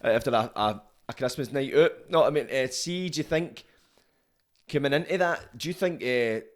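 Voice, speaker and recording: A man's voice: mid-range voice, moderate pace. A man with a mid-range voice hosts a casual podcast interview. He talks bluntly and swears, pressing his guest with loose, chatty questions. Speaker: podcast host.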